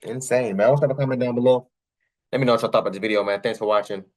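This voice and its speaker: A man with a Southern accent talks through a reaction video. His commentary is animated and full of repeated phrases and laughing asides. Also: medium pitch, rapid-fire. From American South.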